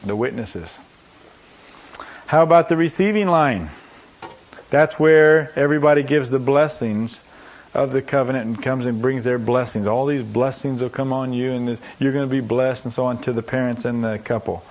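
A man's voice: mid-range voice, normal speed, darkish tone. A man preaching a sermon as a pastor. He poses rhetorical questions and answers them, acts out quoted voices and adds humorous asides.

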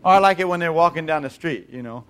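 Guy preaching, lively sermon, kinda high voice, gets the crowd to repeat stuff. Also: quick pace. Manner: animated, acts out mocking voices, calls for audience response.

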